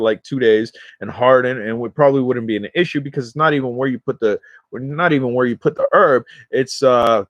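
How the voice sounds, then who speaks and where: A man's voice: medium pitch, fairly bright tone, dry recording, highs cut off. Rambling slangy man with a New York accent. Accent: New York/New Jersey. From New York or New Jersey area. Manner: rambling, slangy, easily sidetracked. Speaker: smoking vlogger and livestream host. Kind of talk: casual livestream chat to viewers. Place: at home in a recliner.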